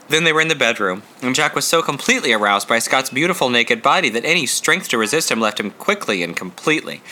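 A male audiobook narrator with a very bright, sharp-edged voice. He tells the story in a measured, dramatic way, at a middling pitch for a man.

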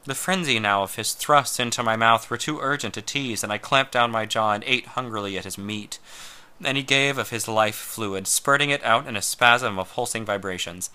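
Bright-voiced man reading a story. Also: mid-range voice, moderate pace, clear, resonant tone. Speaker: narrator. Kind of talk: first-person story reading.

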